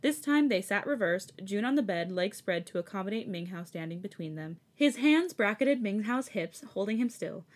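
A woman's voice: medium pitch, lively intonation, moderate pace, few pauses. A woman podcast host reading fan fiction aloud, breaking off for chatty, giggly asides. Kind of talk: casual story reading.

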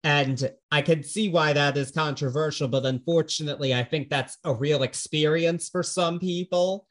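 A man with a slightly raised speaking pitch talks through a record in casual podcast chat. He sounds earnest and reflective as he weighs each song. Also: moderate pace, fairly bright tone. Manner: earnest, thoughtful. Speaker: podcast co-host. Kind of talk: casual music review chat.

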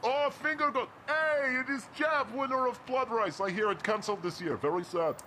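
A man's voice: very high voice, moderate pace, bright, forceful tone, slight background noise. A man voicing a friendly building supervisor who speaks broken English and drops his articles. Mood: chatty.

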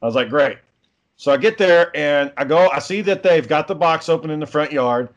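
A man's voice: a little high, a little fast, dull audio. A man in his thirties telling a casual story, swearing freely and acting out what people said. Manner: profane, acts out quotes of people in the story.

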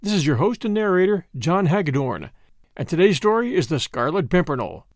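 A man with a high, animated voice reads a classic novel aloud as an audiobook, in measured, expressive storytelling. The recording is dry and close, with no room sound. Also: no echo. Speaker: host and narrator. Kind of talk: scripted audiobook narration.

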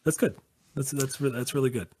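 A man's voice: mid-range voice, fairly even intonation, fairly quick, mellow, slight background noise. A man co-hosting a casual stream, upbeat and encouraging as he thanks donors. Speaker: stream co-host.

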